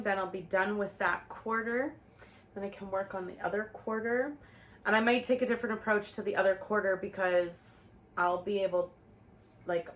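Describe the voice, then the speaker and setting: A woman from Canada talks to her viewers in a relaxed, unhurried way. She rambles, restarts her sentences and fills the gaps with little fillers as she shows her craft work to the camera. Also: mid-range voice. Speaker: knitting vlogger. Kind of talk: casual chat to camera.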